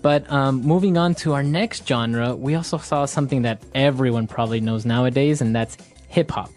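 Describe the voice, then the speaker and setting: Guy asking easy questions on a chill english lesson, soft music underneath. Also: mid-range voice, moderate pace. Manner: asks leading questions, laughs easily. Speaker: podcast co-host, English teacher. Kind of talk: casual teaching chat.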